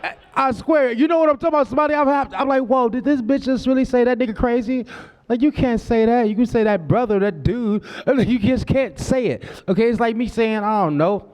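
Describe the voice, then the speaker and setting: Brash high-voiced comedian on stage. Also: male voice, fairly quick, darkish tone. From Southern California. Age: 40s. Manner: brash, profane, loose and conversational. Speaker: stand-up comedian. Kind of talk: stand-up comedy set.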